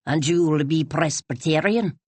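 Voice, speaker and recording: A woman voicing a stately old Highland widow. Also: a little mellow, breathy edge, no echo. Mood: dignified. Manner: slow, measured, formal speech.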